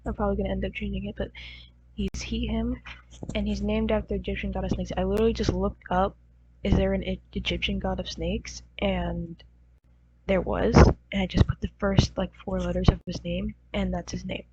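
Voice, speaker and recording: A woman's voice: mid-range voice, flat delivery, moderate pace, darkish tone, husky. A woman with a groggy, crusty morning voice, casually rambling and giggling as she shows off her characters. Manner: rambling, giggly, lots of fillers. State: groggy, crusty voice from just waking. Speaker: channel host. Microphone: poor-quality home mic. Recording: dull muffled mic with faint hum.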